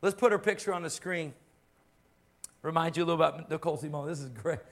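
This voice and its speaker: Male pastor, high voice, preaching with fervor and repetition. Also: fast. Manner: impassioned, repeats phrases for emphasis. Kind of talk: sermon.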